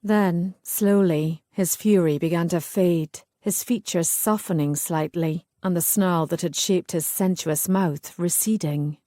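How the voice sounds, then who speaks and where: In clean studio sound with no room sound, a woman with a fairly low voice narrates a historical romance audiobook. The scripted reading unfolds in a steady, measured storytelling style.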